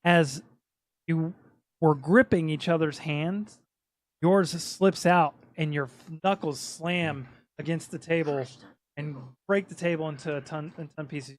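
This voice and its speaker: A man's voice: on the high side, measured pace, no room sound. Casual man running a tabletop game. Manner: casual, laughing, stumbling over words. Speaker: game master.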